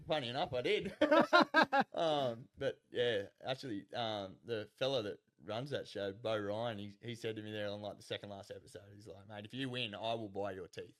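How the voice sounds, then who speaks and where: An Australian man guesting on a podcast rambles through casual stories, laughing often and acting out the voices of people he quotes. His voice sits fairly low and moves at a moderate pace.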